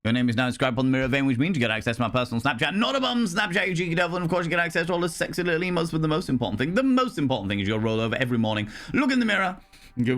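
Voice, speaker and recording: A man chatting casually on a live stream from his home setup, playful and cheeky, greeting viewers with pet names and swooping up high for mock grandeur. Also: very animated, rapid-fire, a bit bright. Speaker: livestreamer.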